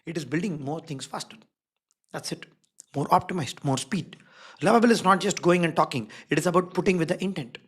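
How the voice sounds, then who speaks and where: A man's voice: fairly high pitch, fairly quick, fairly bright tone, slightly rough. A man teaching a live online design workshop, stressing key words and checking in with the audience again and again. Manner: emphatic, repeats key words. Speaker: design instructor.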